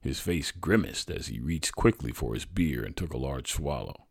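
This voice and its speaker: Very deep-voiced male storyteller. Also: lively intonation, normal speed, husky, dry recording, clean studio sound. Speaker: storyteller, podcast host. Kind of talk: reading a personal true story.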